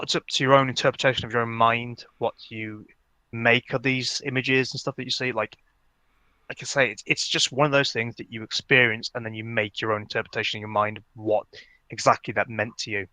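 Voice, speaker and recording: In a dry recording, a podcast co-host chews gum and rambles casually about a game, full of fillers and restarts. His mid-range voice is bright and forceful, a little fast, with fairly even intonation.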